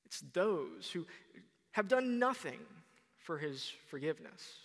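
A young man preaching a sermon, retelling a parable in a conversational, animated way. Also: a little high, slow pace, gravelly, long reverb tail. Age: young adult.

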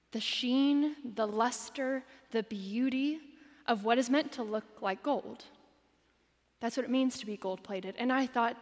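Woman pastor preaching, dramatic scripture reading, kinda high voice. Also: long reverb tail. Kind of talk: sermon.

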